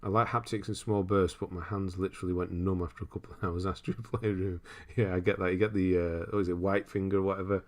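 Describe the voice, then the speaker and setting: A young man with a deep, low-pitched voice hosts a relaxed livestream. He reads out viewer comments and muses on them in a loose, rambling way, chuckling often as he goes. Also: quick pace, hardly any pauses. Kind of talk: casual live-stream chat.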